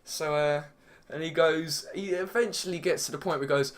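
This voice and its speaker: Rambling English teen lad, swearing. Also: male voice, a little high, normal speed, fairly bright tone. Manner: rambling, swears a lot, heavy use of "like". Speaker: vlogger. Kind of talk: casual storytelling.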